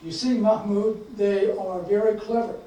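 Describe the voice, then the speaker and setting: A man puts on a hostile older recruiter who sneers and barks. The voice rises higher than the reader's own. It sits far from the mic in a very reverberant hall. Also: fairly even intonation, a little slow, warm tone. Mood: scornful. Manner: scornful, raising his voice. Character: angry older male Egyptian army recruiter. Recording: echoey hall, mic from far off, faint noise.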